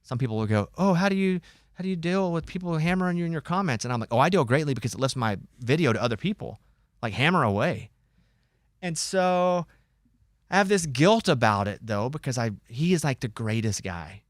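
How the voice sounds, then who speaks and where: A man hosting a radio talk show, telling a long story in a lively casual way and acting out what others said. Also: a little high, fairly quick, no echo, studio quality. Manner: animated storyteller, acts out quoted voices.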